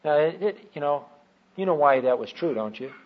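A man's voice: on the high side, expressive, moderate pace. A man teaching from the Bible, who asks rhetorical questions and answers them himself. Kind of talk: teaching talk. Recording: dull lo-fi recording.

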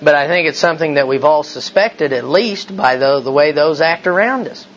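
A man's voice: on the high side, normal speed, fairly bright tone. Male preacher, emphatic sermon delivery, rhetorical questions, slightly muffled recording. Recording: slightly dull recording with faint hiss.

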